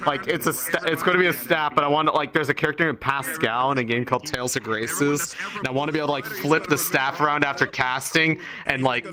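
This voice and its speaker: A man's voice: on the high side, steady tone. Rambling man, crowd behind. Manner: rambling, fills every pause with "like". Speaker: roleplay player. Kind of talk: casual out-of-character chat.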